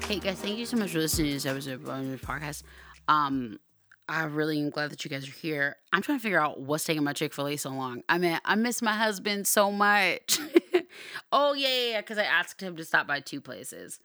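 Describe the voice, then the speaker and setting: A young woman hosting her podcast in casual solo talk, chatty and playful, now and then loud and excited. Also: low voice, a little fast, dry recording, faint music behind. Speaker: podcast host.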